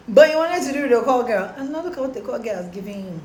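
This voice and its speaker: A young woman telling a story casually to her followers, animated and slangy. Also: fairly high pitch, quick pace, a little hiss or hum. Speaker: storytime vlogger. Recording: roomy echo, faint background.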